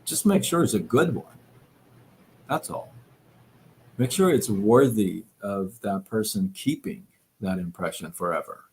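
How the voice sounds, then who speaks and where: A man hosting a live stream, giving a casual motivational talk in a slow, reflective way, with many fillers and restarts. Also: fairly low pitch, darkish tone. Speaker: livestream host. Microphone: live-stream setup.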